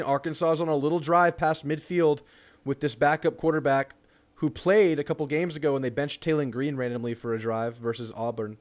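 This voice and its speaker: Fairly high-pitched and a little quick, a young sports talk host runs a live college football fan stream. He reacts excitably to the game and reads viewers' chat comments out loud.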